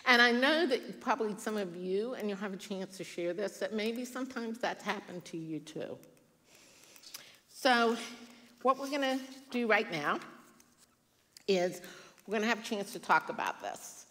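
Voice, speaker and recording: Woman in her 60s, devotional speaker, bright tone, reverberant hall. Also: mid-range voice. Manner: earnest, storytelling, animated quoted voices. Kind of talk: devotional talk with personal story. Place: church hall. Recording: church hall with long reverb.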